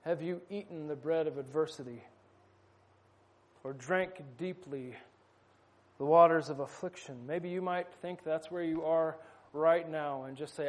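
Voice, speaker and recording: High-voiced man preaching a sermon. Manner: conversational with wry asides, slowing for emphasis.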